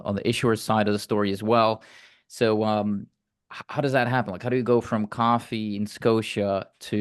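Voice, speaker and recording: A man's voice: on the low side, dry recording, studio quality. A man hosting an interview, chatting casually in a rambling way before bringing in his guest. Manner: rambling, with fillers and restarts. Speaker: interview host.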